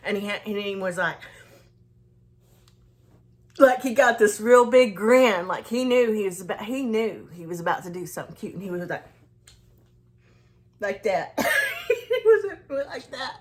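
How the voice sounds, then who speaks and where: A woman chats into her camera like she is telling a friend a story, circling back and restarting her sentences as she goes. Her voice sits at a middle pitch for a woman, and she keeps the tone easy and conversational. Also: moderate pace, long pauses. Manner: rambling, many restarts and fillers. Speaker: skincare and self-care vlogger. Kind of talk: casual storytelling to viewers.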